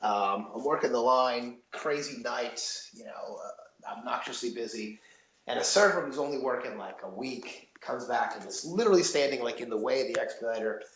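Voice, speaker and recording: A man's voice: medium pitch, expressive, normal speed, fairly bright tone. A man in his thirties, a chef, chatting on a podcast in a rambling way with lots of fillers and restarts. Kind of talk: casual podcast interview. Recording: dull, roomy, faint noise.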